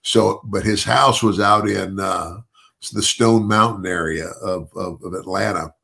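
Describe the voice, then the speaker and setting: A man's voice: low voice, unhurried, vocal fry, bright, forceful tone. An older man, a podcast guest, telling a long story casually, restarting phrases and chuckling as he goes. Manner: rambling with many restarts and repeated words; chuckles through his own story.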